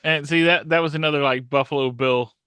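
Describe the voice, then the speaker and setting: A man co-hosting a podcast, chatting in a laid-back way and dropping movie references, with a quiet chuckle now and then. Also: fairly high pitch, steady tone, fairly quick, clean tone, dry recording. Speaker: podcast co-host. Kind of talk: casual comic-book chat.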